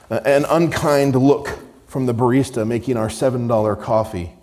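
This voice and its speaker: A man with a fairly low voice delivers a sermon. He reads scripture aloud with mounting emphasis and slips into dry sarcasm to make a point. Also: a little mellow. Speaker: preacher.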